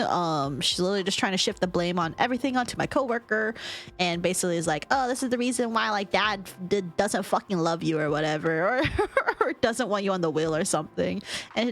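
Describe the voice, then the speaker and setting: A young woman casually retelling gossip in a storytime vlog, chatty and profane, laughing often and full of fillers. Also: mid-range voice. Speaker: vlogger.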